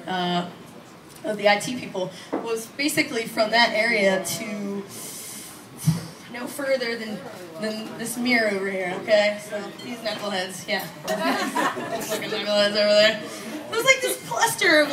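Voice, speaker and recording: A woman's voice: a little high, distant mic. Profane rambling woman comic in echoey club. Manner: rambling, profane, laughing often. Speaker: stand-up comedian. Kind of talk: stand-up comedy set. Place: small comedy club stage. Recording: echoey club, mic heard from afar, loud crowd.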